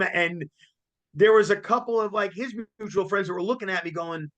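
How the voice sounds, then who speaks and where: A man, chatting casually as co-host, excitable and jokey and laughing often. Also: high voice, normal speed. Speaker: co-host reviewing a concert. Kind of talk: casual chat.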